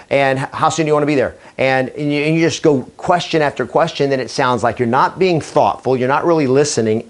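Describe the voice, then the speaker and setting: A man giving an enthusiastic training talk to camera as a real estate trainer, using deliberate dramatic pauses for emphasis. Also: a little high. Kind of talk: energetic training video monologue.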